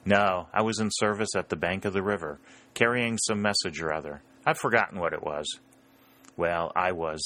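A man with a very low voice narrates a historical novel. His reading is steady, and the characters' dialogue comes out a little higher. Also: moderate pace. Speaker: audiobook narrator. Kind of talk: scripted narration.

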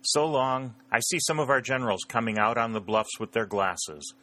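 A man's voice: medium pitch, expressive, moderate pace, pushed and bright. A man voicing an eager young male Southern staff officer in a storybook reading, earnest and friendly. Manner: earnest, calling out across water.

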